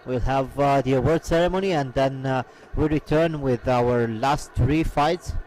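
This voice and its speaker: A man commenting live on a combat sports event, with a halting delivery full of "uh" fillers. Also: mid-range voice, darkish tone, slight background noise, poor audio.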